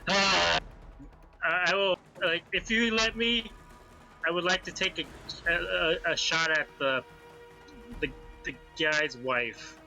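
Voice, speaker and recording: A man playing a tabletop game, talking casually and haltingly with many restarts. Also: sits high, creaky, sharp tone, soft background music, poor audio. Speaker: player.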